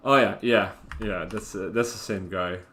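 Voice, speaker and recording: A man's voice: on the low side, fairly even intonation, moderate pace, sharp tone. A Dutch-accented man streaming a city-building game, rambling casually and correcting himself as he goes. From Netherlands. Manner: rambling, self-correcting, chatty asides. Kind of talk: casual gameplay commentary.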